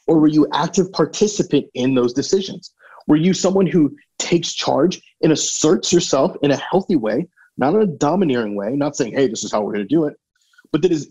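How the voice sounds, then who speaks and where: A man's voice: fairly high pitch, a little mellow, slightly rough, muffled recording. A man hosting a motivational podcast, talking directly and emphatically and firing questions at the listener. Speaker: podcast host, marriage coach.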